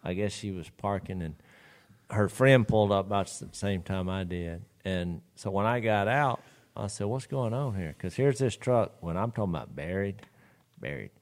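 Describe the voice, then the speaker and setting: Guy drawling thru a story on a podcast, kinda low voice, chuckles a lot. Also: lively intonation, normal speed. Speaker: podcast co-host. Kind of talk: casual storytelling chat.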